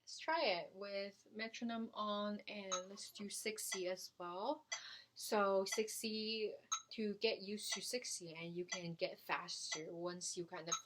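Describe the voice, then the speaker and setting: Slow, hesitant woman flute teacher. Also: medium pitch, fairly even intonation, fairly bright tone, a little hiss or hum. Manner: slow, hesitant, many fillers. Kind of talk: beginner music lesson.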